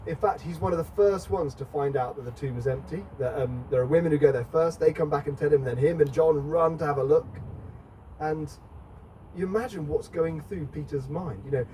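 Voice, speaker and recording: A middle-aged man preaches a conversational sermon in a church, chatting with the congregation and asking them questions. His voice is a little high, fairly quick and warm. A distant mic picks it up along with faint background noise.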